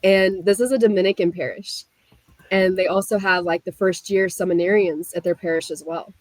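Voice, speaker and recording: A young woman from the US Midwest telling her story as a guest, animated and full of "like" fillers. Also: on the low side, normal speed, no echo, low-quality recording. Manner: animated, frequent "like" fillers, laughs while telling. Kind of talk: casual storytelling.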